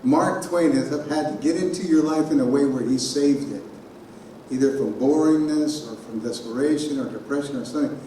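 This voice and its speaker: A man giving a keynote speech in a conference hall, telling a personal story in an animated way and sounding out noises himself. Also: medium pitch, moderate pace, a little hiss or hum. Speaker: keynote speaker. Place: conference hall on a college campus. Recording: very echoey hall from far off.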